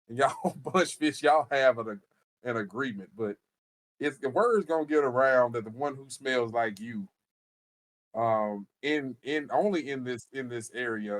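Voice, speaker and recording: Game master, male, mid-pitched, casual streamed narration that restarts and repeats words. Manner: loose, repeats words, frequent restarts and "you know".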